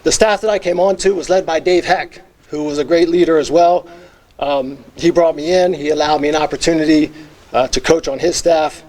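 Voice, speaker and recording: A man's voice: a little high, steady tone, normal speed, a little mellow. A middle-aged man gives an earnest acceptance speech as a former teacher and coach, reminiscing with many fillers. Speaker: hall of fame inductee, former teacher and football coach.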